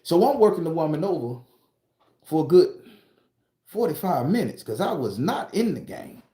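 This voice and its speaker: A man from southern Florida telling a wild personal story in a casual, profane, rambling way, climbing higher and louder as he gets worked up. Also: sing-song, moderate pace. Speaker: storytelling channel host. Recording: roomy echo.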